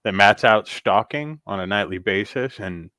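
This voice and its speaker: Chill guy hosting a stream, kinda low voice, lots of um, reading chat. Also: lively intonation, normal speed, sharp tone, no room sound. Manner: easygoing, many ums, reads viewer comments. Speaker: host of a comics livestream. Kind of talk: casual livestream chat.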